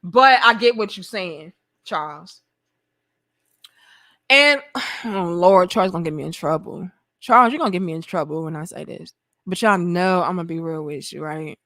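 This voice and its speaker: A woman's voice: on the low side, normal speed, pauses often, sharp tone, dry recording, studio quality. A woman hosting a casual commentary vlog, blunt and profane, talking straight to her viewers. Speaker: host.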